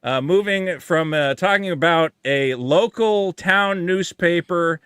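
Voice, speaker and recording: A man's voice: high voice, takes it slowly, a bit bright, clean tone, no room sound, studio quality. A man co-hosting a comedy podcast who talks in casual banter with a wry, sarcastic delivery. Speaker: podcast co-host.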